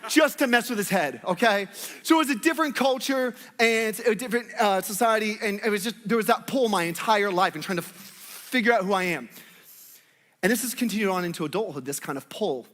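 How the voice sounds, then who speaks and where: Here the pastor's voice is high-pitched, brisk and fairly bright as he preaches playfully to his congregation. He hails from Northwest Arkansas, and the church hall recording has a long reverb.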